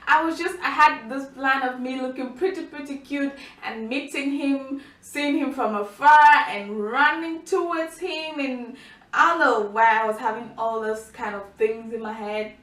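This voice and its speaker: Young woman vlogger, high voice, animated storyteller, roomy distant sound. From Cameroon. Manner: chatty, animated, many restarts and fillers. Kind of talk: casual storytelling to camera. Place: indoor room by a window.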